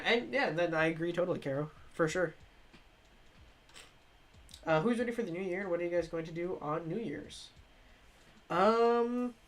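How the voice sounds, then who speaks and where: Slightly stuffy from an oncoming cold, this streamer reviews games live in a medium-pitched, fairly bright voice. The chat is casual and rambling, broken up by frequent restarts, self-corrections, and laughter.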